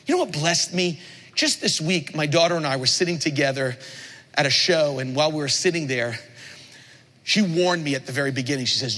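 Animated pastor preaching in a hall. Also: male voice, fairly high pitch. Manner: animated, playful, with sudden emphatic outbursts. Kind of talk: sermon. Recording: long hall reverb.

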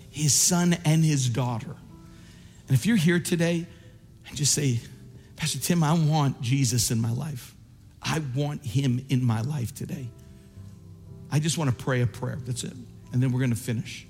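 A man preaching a sermon in a large church, rising to impassioned shouts and dropping to soft pleading as he calls people forward. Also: on the high side, long reverb tail. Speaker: pastor. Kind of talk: sermon with altar call.

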